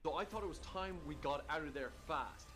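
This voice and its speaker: A man's voice: fairly high pitch, a little fast, a bit bright. A man reading a scripted voice-over narration with dramatic storytelling. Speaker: video narrator.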